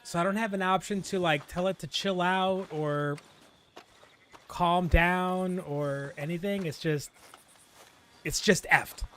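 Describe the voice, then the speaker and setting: A man streaming a video game live, chatting casually and getting excitable, swearing and laughing at his own mistakes. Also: high voice, takes it slowly, pauses often, slight background noise. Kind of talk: live gameplay commentary.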